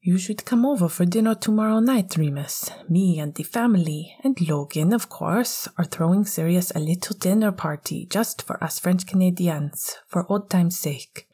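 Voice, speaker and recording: A fatherly hockey veteran teases in an easygoing whispered role-play, as a woman plays him. Her voice is mellow and breathy, set low. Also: moderate pace, hardly any pauses. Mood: teasing. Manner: teasing, easygoing. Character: older male hockey veteran, teasing and fatherly.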